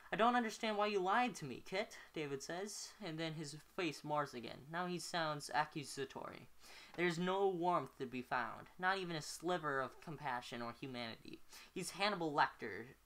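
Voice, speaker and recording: A woman's voice: sits low, expressive, normal speed, fairly bright tone. A woman reading a novel aloud at home, often stumbling and correcting herself on words. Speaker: amateur reader.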